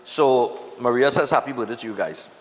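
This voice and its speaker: A man with a Trinidadian accent hosting a live morning TV show, chatting in a relaxed, easygoing way. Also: mid-range voice, a little fast, long reverb tail. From Trinidad and Tobago. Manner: relaxed, chatty, laughing easily. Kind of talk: casual live morning TV chat.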